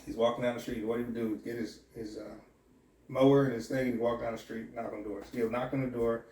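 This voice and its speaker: A man's voice: medium pitch, steady tone, fast, darkish tone, reverberant, distant mic. A man who works as a sheriff's deputy and academy instructor, talking candidly and reflectively in a podcast interview with many restarts.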